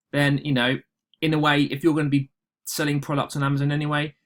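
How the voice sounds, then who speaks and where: Man from the UK, mid-pitched, rambling screen walkthrough for his channel, heavy on fillers and asides. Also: fairly bright tone. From United Kingdom. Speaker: online seller and channel host. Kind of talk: casual screen-recording walkthrough.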